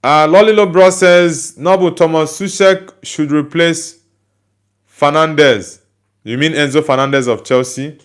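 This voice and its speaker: A man's voice: a little high, unhurried, clear, resonant tone. Nigerian male host, resonant voice, casual livestream chat, reads comments and answers them. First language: Igbo. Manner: reads out viewer comments and replies chattily.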